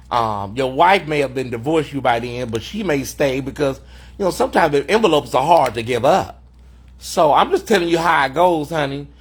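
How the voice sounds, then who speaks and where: A man with a somewhat high voice hosts an off-the-cuff livestream from a hotel room. He talks in a sassy, mocking way and calls people honey. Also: fairly bright tone. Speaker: host of a livestream commentary show. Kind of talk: unscripted livestream commentary.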